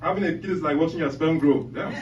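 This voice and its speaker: A man's voice: a little high, quick pace, highs cut off. A man doing a loose, profane stand-up set, often laughing at his own jokes. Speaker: stand-up comedian. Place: comedy club stage. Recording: echoey club from a far mic, loud noise.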